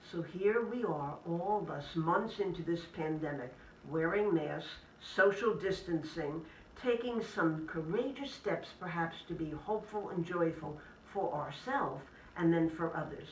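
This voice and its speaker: A woman, a Catholic sister, giving an inspirational talk to a live audience in gentle, measured phrases. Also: lowish voice, slight background noise. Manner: gentle, measured delivery in short list-like phrases. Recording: echoey room, speaker distant from the mic.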